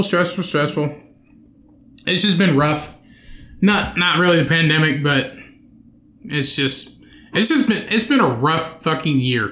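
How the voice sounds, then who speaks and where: A young man rants alone into his podcast mic, swearing freely and breaking off his own sentences. His voice is bright and a little high, with an edge to it. The room around him rings with echo. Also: slight background noise. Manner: profane, rambling, self-interrupting. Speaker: podcast host. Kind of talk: solo podcast rant. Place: bedroom home studio with his dog.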